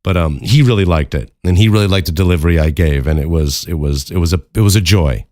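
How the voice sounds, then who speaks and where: A man's voice: sits low, fast, darkish tone, dry recording, clean studio sound. A man hosting a podcast alone, talking candidly and rambling, swearing freely and often restarting his sentences. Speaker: podcast host. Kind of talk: casual solo podcast talk.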